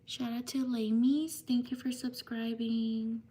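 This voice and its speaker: A woman hosting a live stream, slowly reading out viewers' names with thanks, at times slipping into a soft whisper. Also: on the high side, flat delivery. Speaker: livestream host. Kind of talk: live stream shout-outs.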